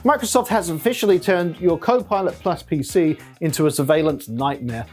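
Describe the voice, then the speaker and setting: A man's voice: fairly high pitch, brisk, faint music behind. A man hosting a satirical comedy tech news show, talking sarcastically and mocking his subject. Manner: sarcastic, mocking, with many put-on silly voices.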